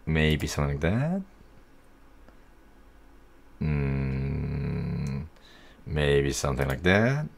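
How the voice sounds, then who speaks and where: A young man walks through a software tutorial in an easygoing, thinking-aloud way. His voice sits low and carries a gravelly edge. He takes his time over every step. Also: sing-song, drawn-out words, long pauses. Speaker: tutorial host. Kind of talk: casual screen-recorded software tutorial.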